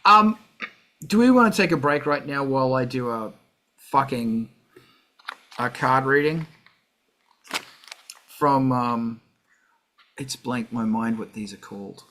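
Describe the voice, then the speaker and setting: A man's voice: mid-range voice, animated, slow, pauses often, bright, forceful tone, slight background noise. A middle-aged man hosting a music livestream, talking casually and ranting with heavy swearing.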